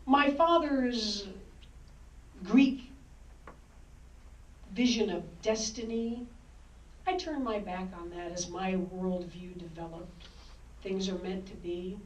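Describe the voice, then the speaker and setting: A woman in her sixties, an author, telling stories from her life in a lively, wry, dramatic way. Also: mid-range voice, takes it slowly, pauses often. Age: 60s. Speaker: author and speaker. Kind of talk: storytelling talk. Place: library hall, indoors. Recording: roomy hall, distant dull mic.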